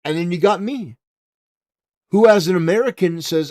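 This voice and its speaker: A man's voice: high-pitched, moderate pace, long pauses, darkish tone. Ranting male live-stream host. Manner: casual, profane, ranting, many "you know" fillers.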